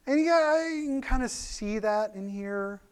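With a notably high, smooth voice, a male pastor delivers his sermon in a relaxed, chatty manner. He's lively, often restarting sentences and filling gaps as he speaks.

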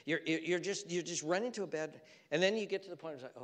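A male preacher delivering a sermon, swinging from loud urgent exhortation to hushed near-whispers and repeating phrases for emphasis. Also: fairly high pitch, fast talker, few pauses. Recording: long hall reverb.

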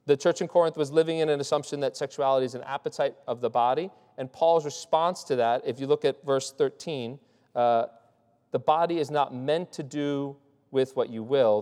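A man's voice: mid-range voice, darkish tone, clean tone. A male pastor giving a conversational sermon, restarting his sentences and checking in with his listeners. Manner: loose, restarts often, asks "right?". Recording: long hall reverb.

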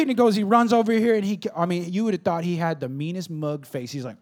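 A man, a pastor, preaching a sermon in an animated storytelling way, dropping to a hush and then rising loud. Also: sits high, fast talker, few pauses. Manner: animated storytelling, jumps between hushed and loud.

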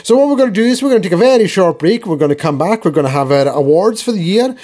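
Higher-voiced man in casual sports chat. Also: very fast. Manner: animated, laughs while recapping, repeats words. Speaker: podcast co-host.

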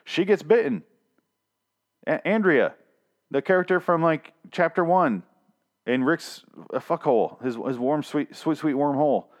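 A man's voice: a little high, unhurried. A man giving a casual, rambling recap of a comic, sarcastic and foul-mouthed, often restarting his sentences. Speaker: comic book recap vlogger.

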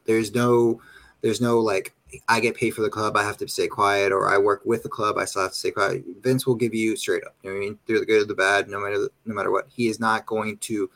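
A man with a fairly low voice gives casual opinions on his club in long, rambling runs. He circles back on his points and keeps tagging them with a quick check for agreement. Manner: rambling, repeats "you know what I mean". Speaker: panelist. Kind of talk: casual fan talk.

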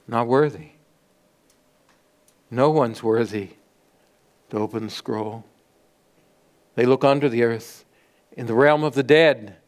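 A man preaching a sermon in a slow, dramatic delivery, with repeated rhetorical questions and lists, swinging from loud peaks down to near-whispers. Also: medium pitch. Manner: repetitive rhetorical cadence. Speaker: pastor.

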